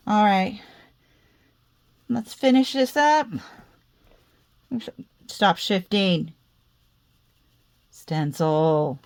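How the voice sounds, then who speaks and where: Speaking extremely slowly with long pauses, a woman with a medium-pitched, sing-song voice hosts a casual crafting tutorial. Her slight Southern American accent comes through as she chats, teases herself, and talks to herself mid-task.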